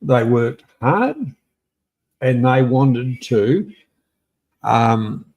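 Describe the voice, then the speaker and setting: A man's voice: mid-range voice, animated, drawn-out words, darkish tone. A man in his sixties with an Australian accent, rambling and swearing with many restarts as he hosts a livestream chat. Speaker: host. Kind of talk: casual chat. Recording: livestream video call.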